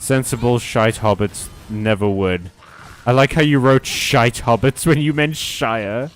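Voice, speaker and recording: A man's voice: mid-range voice, measured pace. A man streaming a video game, chatting casually and reading out chat, with sarcastic asides and plenty of swearing. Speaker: gaming streamer. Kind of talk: casual let's-play commentary reading chat.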